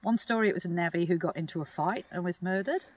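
A fast-talking Australian with a mid-range voice chats casually outdoors as a paranormal investigator guide, showing someone around old ruins. He rambles, restarts his sentences and chuckles, and the recording sounds dry.

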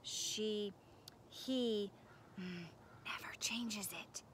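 A woman's voice: mid-range voice, expressive, a little slow, background noise, lightly acted. A woman reading aloud, voicing a group of frightened male stone gargoyles in a storybook who moan and whisper fearfully.

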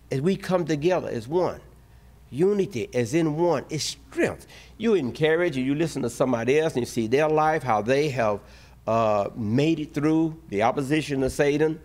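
A male pastor preaching a sermon in animated style, using a relaxed dialect and acting out short voiced asides. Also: medium pitch.

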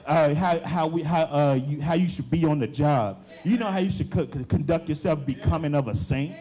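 A man's voice: fairly high pitch, normal speed, warm tone. A young adult man, a deacon, preaching a sermon with emphatic, repeated phrases.

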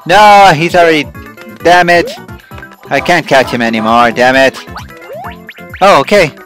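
A man playing a platform game and commenting, often yelling and cursing at enemies, then calming down to chat with his viewers. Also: fairly high pitch, unhurried, soft background music. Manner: excitable, swearing, yelling at the game. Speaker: let's play host. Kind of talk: gameplay commentary.

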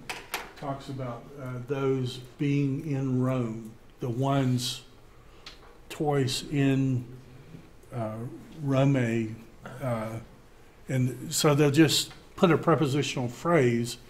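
A man teaching a Greek class, thinking aloud, with many fillers and pauses. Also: mid-range voice, fairly even intonation, a little hiss or hum.

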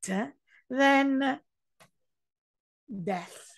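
A woman from Greece, a researcher and psychotherapist, musing slowly and philosophically as an interview guest. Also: sits high, lively intonation, no room sound. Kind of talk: reflective interview conversation.

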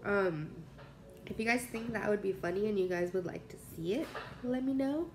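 A woman's voice: medium pitch, normal speed, slight background noise. Chatty pregnant woman cooking at home. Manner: chatty, laughs often, rambling. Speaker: cooking vlogger. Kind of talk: casual chat while cooking. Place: home kitchen.

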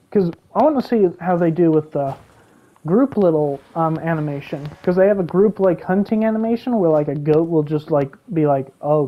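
Excitable woman doing gameplay commentary. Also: fairly low pitch, muffled recording. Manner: excitable, gasping and laughing reactions. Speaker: gaming YouTuber.

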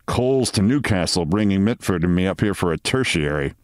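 Grumbling older male surgeon, low voice, dry sound, voiced by a man. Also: expressive, fairly quick, clean tone, no echo.

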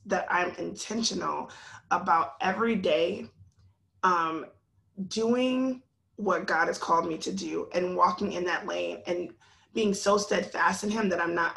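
A woman in her thirties, a podcast guest, telling a story in a lively, animated way, often laughing. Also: fairly low pitch, creaky. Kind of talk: casual podcast conversation.

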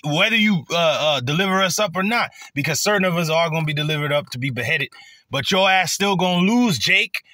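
Man, fiery profane sermon, bright tense voice, acts out voices, dry close sound. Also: high voice, no room sound. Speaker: street preacher. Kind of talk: profane scripture preaching.

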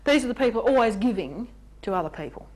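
Lively woman presenting a lecture. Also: fairly high pitch, fast talker. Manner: animated, acts out examples in character voices. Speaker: workshop presenter. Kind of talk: lecture on relationships.

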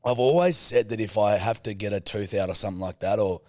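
A country Australian man co-hosting a podcast, blokey and sweary and quick with a pun. His voice sits on the low side, recorded dry and close to the mic. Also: darkish tone, no room sound. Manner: blokey, swears a lot, cracks puns. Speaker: podcast co-host. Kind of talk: casual chat.

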